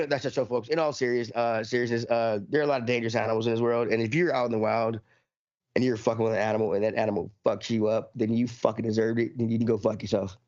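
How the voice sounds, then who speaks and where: A man hosting a podcast, ranting about everyday annoyances and swearing constantly. His voice is mid-pitched and sits close and dry in a dull, lo-fi recording. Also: fairly even intonation, quick pace, a little mellow, no echo. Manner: ranting, swears a lot, laughs. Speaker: podcast host. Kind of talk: casual profane chat. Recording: dull lo-fi sound.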